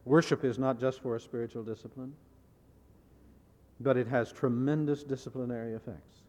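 A man preaching in a measured, deliberate way, returning to his key phrases to drive them home. His voice sits at an ordinary middle pitch, and it carries a long reverb as if from a large church hall. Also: steady tone, darkish tone. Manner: asks the audience rhetorical questions. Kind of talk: sermon.

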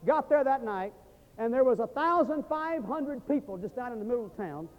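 An American man preaching at a seminary chapel, telling a mission story and praying with emphatic swings from loud to hushed. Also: very high voice, animated, normal speed, highs cut off. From United States. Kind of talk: sermon with storytelling and prayer. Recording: long reverb of a large hall.

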